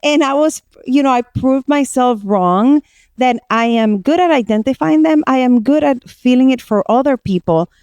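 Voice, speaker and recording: A woman's voice: high-pitched, normal speed, darkish tone, clear, resonant tone, no room sound, dull audio. A woman psychiatrist from Puerto Rico, co-hosting a podcast and telling personal stories candidly with many restarts. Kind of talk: casual podcast conversation.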